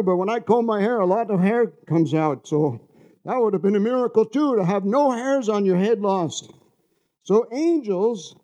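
A man's voice: high voice, dark tone. A man from New York City preaching a conversational sermon, often asking the congregation for an amen.

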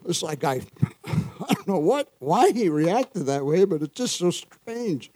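Male pastor, sermon delivery, slightly high pitch, dry close sound, conversational asides. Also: sing-song, slow, mellow, no room sound. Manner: call-and-response, frequent "Amen?" and chuckles.

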